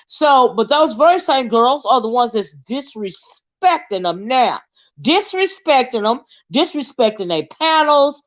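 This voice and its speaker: A middle-aged woman with a Southern American drawl, talking straight into the camera in an unscripted commentary. Her voice sits a little high, and she is blunt and combative, tossing in "right?" after her points. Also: muffled recording. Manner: blunt and confrontational, with frequent "right?" tag questions. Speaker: online commentary host.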